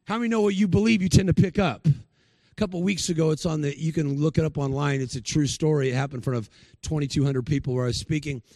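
A man's voice: on the high side, quick pace, darkish tone, no room sound. A male preacher giving a sermon, telling stories and acting out the people he quotes. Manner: storytelling, acts out the people he quotes.

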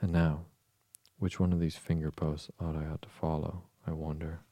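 A man's voice: a bass voice, level tone, moderate pace, mellow, no echo. A man voicing a curious, chattering young girl in a storybook reading, musing aloud with puzzled questions.

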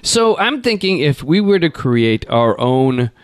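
A middle-aged man hosting a casual podcast, rambling through stories and squeaking out quoted lines. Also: big pitch swings, measured pace, clean tone, no echo, clean studio sound. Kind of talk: casual banter.

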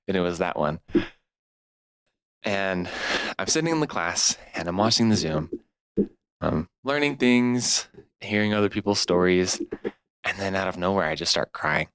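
A young man from California tells a deeply personal story with earnest, heartfelt sincerity. His voice sits low and sounds smooth and clear. The recording is dry and close, with no room sound. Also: a bit bright, no echo. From California, USA. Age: 20s. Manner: earnest and heartfelt, laughs at himself. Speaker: podcast guest.

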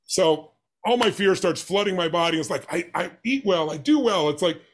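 A man's voice: sits high, animated, moderate pace. A man who is an interview guest, telling a personal story with animation and acting out the dialogue with emphatic voices.

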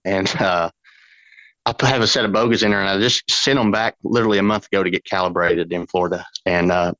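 A man's voice: on the low side, dry recording, highs cut off. Rambling man telling a fishing story. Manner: rambling, excited, lots of fillers. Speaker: fishing guide, podcast guest. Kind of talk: casual storytelling.

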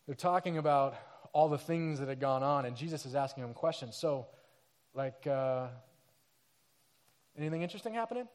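Animated, high-voiced man preaching a sermon. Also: moderate pace, pauses often. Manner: animated storytelling, acting out quoted people in funny voices; casual slang like dude and crazy. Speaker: pastor.

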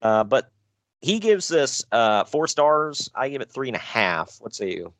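A man co-hosting a casual podcast chat, recapping wrestling shows in an animated, joking way with frequent laughs. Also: a little slow, no echo. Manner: animated, laughing, swearing, jumps in pitch.

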